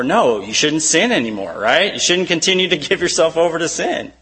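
A man's voice: fairly high pitch, lively intonation, brisk, hardly any pauses, bright, forceful tone, rough recording. A man preaching a conversational sermon to his church, reading scripture and often asking rhetorical questions. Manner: conversational, fillers like "you know", rhetorical questions. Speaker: pastor.

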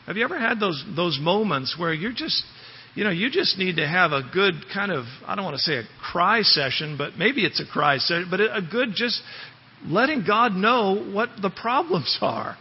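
A pastor preaching a conversational sermon, verse by verse, often turning to the congregation with rhetorical questions. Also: male voice, high-pitched, vocal fry, husky. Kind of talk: expository sermon. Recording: long hall reverb, dull lo-fi sound.

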